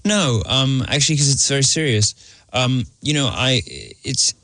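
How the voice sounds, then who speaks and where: A man's voice: medium pitch, moderate pace, bright, forceful tone, dry recording. Arch English man with a dry studio sound. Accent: English received pronunciation, partly Americanized. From England. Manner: arch, playful, many ums and restarts. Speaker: studio guest. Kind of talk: casual radio interview talk. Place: radio studio. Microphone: studio microphone.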